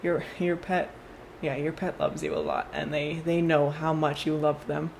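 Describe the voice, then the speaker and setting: A woman's voice: low-pitched, animated, moderate pace, vocal fry, a little mellow, a little hiss or hum. Chatty woman giving a tarot reading. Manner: chatty, rambling, with frequent fillers and restarts. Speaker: tarot card reader. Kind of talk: casual tarot reading vlog.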